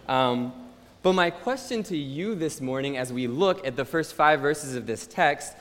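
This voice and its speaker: A man preaching a sermon in a relaxed, conversational way, telling a personal story with plenty of ums and uhs. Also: medium pitch. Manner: conversational, relaxed, frequent um and uh fillers. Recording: long hall reverb.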